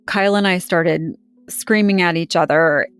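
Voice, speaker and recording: Low-voiced woman telling her story. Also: normal speed, clear, resonant tone, faint music behind. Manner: earnest, emotional storytelling with quoted dialogue. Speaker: interview guest recounting her experience. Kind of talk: conversational personal account.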